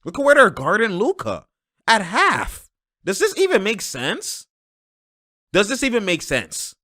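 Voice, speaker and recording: A man hosting a basketball reaction show, giving slangy, excited commentary over game clips and laughing often. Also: sits high, unhurried, no room sound, studio quality. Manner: animated, slangy, laughs often, shouts at plays. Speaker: host of a basketball reaction channel.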